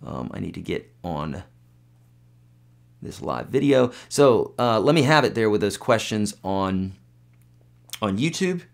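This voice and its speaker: Guitar teacher guy on a live stream, lowish voice, chatty and rambling, answering viewer questions. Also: big pitch swings, unhurried, creaky, long pauses. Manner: chatty, loose, answers viewer comments with fillers and demos. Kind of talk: live webcast Q&A.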